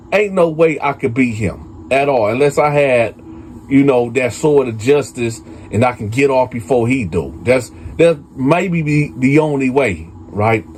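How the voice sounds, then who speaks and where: A man's voice: medium pitch, darkish tone. A man telling a prison story to his viewers in a loose, conversational way, full of fillers and asides. His voice sits in an average range. A faint hiss of noise sits under it. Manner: conversational, addresses viewers as y'all, many fillers. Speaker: storyteller host.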